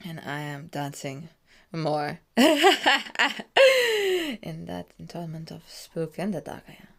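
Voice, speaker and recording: Giggly rambling woman, low slow voice. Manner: giggly, rambling, frequent bursts of laughter; drifts between loud excited and quiet murmured asides. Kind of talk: casual vlog commentary over her own night video.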